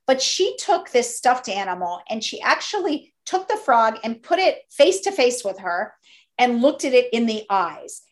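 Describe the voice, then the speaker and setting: A middle-aged woman, a toy company co-founder, telling animated stories as an interview guest. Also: a little high, unhurried. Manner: animated, enthusiastic storyteller. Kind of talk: interview storytelling.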